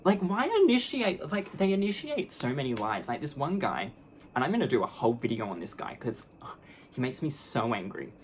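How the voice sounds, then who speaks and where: A woman's voice: a bass voice, sing-song, moderate pace, slight background noise. Blunt, foul-mouthed woman vlogger ranting. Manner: blunt, profane and fired-up; sarcastic, mockingly sweet asides. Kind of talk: casual ranting monologue.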